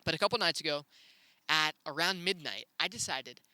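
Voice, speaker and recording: A young man hosting his own show, telling stories in a laid-back, chatty way with sudden excited rises. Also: on the high side, fairly quick, dry recording. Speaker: podcast host. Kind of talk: casual solo storytelling.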